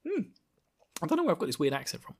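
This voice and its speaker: A man's voice: a little high, wildly swooping pitch, racing, vocal fry. A man casually recapping a book chapter, rambling and laughing often, slipping into silly voices for the characters. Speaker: book discussion podcaster.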